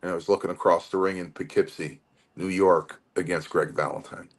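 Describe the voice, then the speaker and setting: Deep-voiced man telling a rambling story. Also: a little fast. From Connecticut. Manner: rambling, animated storytelling with restarts. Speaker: guest wrestler. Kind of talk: storytelling interview.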